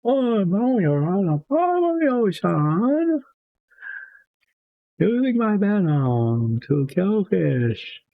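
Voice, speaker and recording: A man voicing a giant sea octopus that talks like a pompous old clergyman, in a high comic impression. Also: very animated, very slow, vocal fry, dry recording, phone-quality sound, exaggerated voice. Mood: silly.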